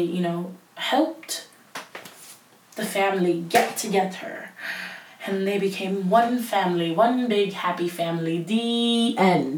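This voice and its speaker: A woman's voice: mid-range voice, roomy sound, recorded from a distance, rough recording. A young woman hosting a casual solo podcast, rambling and self-mocking with lots of fillers, on a headset mic. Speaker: podcast host.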